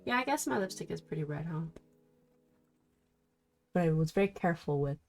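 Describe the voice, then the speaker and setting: A woman streaming a casual tarot study session, chatting warmly with her viewers and greeting them affectionately. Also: low voice, expressive, fairly quick, soft background music. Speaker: streamer reading tarot cards. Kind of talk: casual livestream chat.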